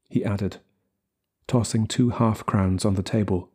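A man reading a short story aloud as the narrator, in slow, measured scripted narration. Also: fairly low pitch, fairly even intonation, darkish tone, slightly rough. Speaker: story reader.

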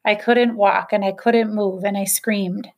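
A woman reading a children's novel aloud, in a steady, measured first-person narration. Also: mid-range voice, lo-fi sound. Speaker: audiobook reader.

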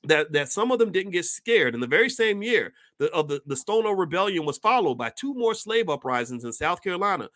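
A man reading passages from a book aloud and breaking off into animated commentary, sometimes stumbling over words. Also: high-pitched, brisk, hardly any pauses. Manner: reads passages then breaks off into animated asides.

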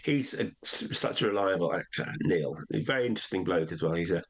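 Older male comedian guest, very low voice, rambling anecdotal storyteller. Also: expressive, fairly quick, fairly bright tone, slightly rough. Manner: rambling, with many restarts and acted quotes. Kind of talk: relaxed anecdotal chat.

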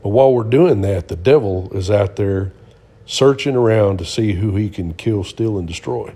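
A middle-aged man with a low, dark, slightly husky voice tells his story in an earnest, preacher-like way. He talks casually on a faith-based show and leans on fillers as he goes. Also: moderate pace. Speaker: co-host of a Christian talk show.

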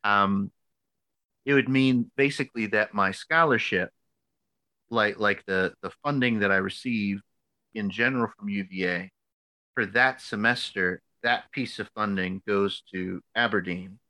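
An American man in his thirties, a podcast co-host, telling a story casually with lots of fillers and lively quoted voices. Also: on the low side, unhurried, no echo. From United States. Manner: animated, filler-heavy storytelling.

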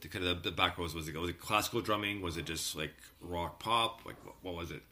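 Deep-voiced male co-host asking questions. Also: pushed and bright, slight background noise. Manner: friendly, halting questions, brief encouragements. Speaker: podcast co-host. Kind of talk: casual interview chat. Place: not on camera, remote.

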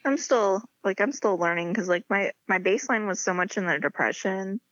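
A woman's voice: mid-range voice, normal speed, a bit bright, no echo. A young woman chatting as an interview guest, full of filler "like", acting out quoted conversations with others. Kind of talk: casual chat. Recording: slightly dull lo-fi sound.

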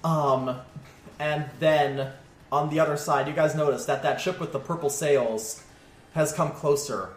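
A man's voice: fairly high pitch, fairly even intonation. Man narrating a tabletop game. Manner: casual, halting, laughs often. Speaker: game master. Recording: echoey room, faint noise.

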